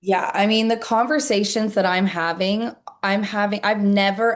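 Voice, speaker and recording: A woman interviewed as a network marketer, answering earnestly and chattily with many "like"s and "I mean"s. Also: medium pitch.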